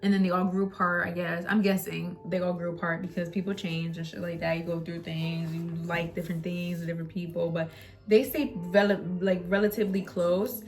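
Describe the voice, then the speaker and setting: A woman's voice: lowish voice, little pitch movement, a little fast, soft background music. A young woman casually chatting to camera in a vlog, candid and rambling, swearing freely and often laughing. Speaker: vlogger. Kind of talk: casual storytime chat.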